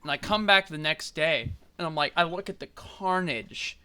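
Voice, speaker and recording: A young man with a bright, ringing voice that sits a little high, chatting casually on a podcast. He tells long, rambling stories, swears freely and laughs often. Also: normal speed, smooth. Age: young adult. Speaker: podcast host. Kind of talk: casual chat.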